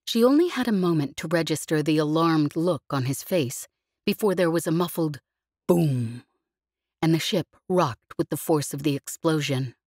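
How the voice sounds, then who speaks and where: Low, expressive woman narrator for a sci-fi-style audiobook, dry close studio sound. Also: no room sound. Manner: expressive, vivid storytelling.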